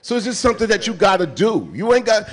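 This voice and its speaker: A man with a New York accent speaks on stage at an event. He talks in an animated, sermon-like way, loaded with street slang and casual profanity. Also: high voice, quick pace, a crowd in the background. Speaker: keynote speaker. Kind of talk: onstage conversation. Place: event stage before an audience.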